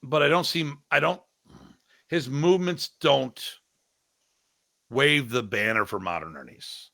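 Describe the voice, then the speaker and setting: With a measured pace, vocal fry, and a mid-range voice recorded without echo, this middle-aged man teaches martial arts. He's a lively storyteller in a relaxed podcast chat, frequently mimicking how others talk.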